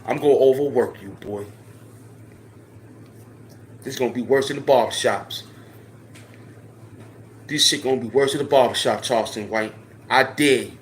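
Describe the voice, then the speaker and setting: Confrontational man ranting at the camera. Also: slight background noise. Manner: confrontational, profane, repetitive dares; swings from low mutter to loud challenge. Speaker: channel host. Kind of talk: direct-to-camera rant.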